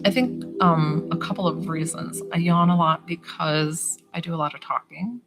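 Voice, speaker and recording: A woman with a slightly low voice chats on a live stream as an intuitive healer, bubbly and chatty, greeting viewers by name. Her voice comes through a phone, with music playing clearly behind her. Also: fairly even intonation, moderate pace, rough recording. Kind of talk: casual live-stream chat. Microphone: phone camera.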